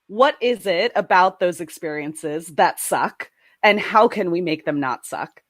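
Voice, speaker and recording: Woman host, lowish voice, dry close sound, easygoing and agreeable. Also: lively intonation, measured pace, no echo. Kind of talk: casual interview chat.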